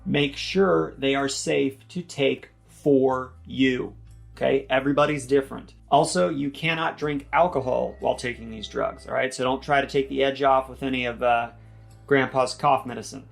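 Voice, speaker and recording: A man giving casual toothache advice in a relaxed vlog, mixing jokes with reassurance. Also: medium pitch, normal speed, creaky, soft background music. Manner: joking, reassuring, chatty.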